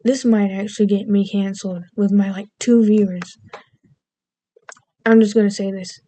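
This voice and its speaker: A woman's voice: medium pitch, little pitch movement, normal speed, pauses often, warm tone, dry recording. A young adult woman vlogging in rambling, goofy casual chat, self-deprecating and meandering between topics.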